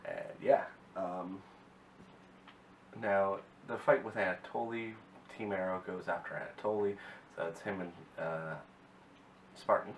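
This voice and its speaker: Man, very deep voice, rambling episode recap, keeps correcting himself, roomy echo, mic at a distance. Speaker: TV episode reviewer. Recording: echoey room, mic set back, faint hiss.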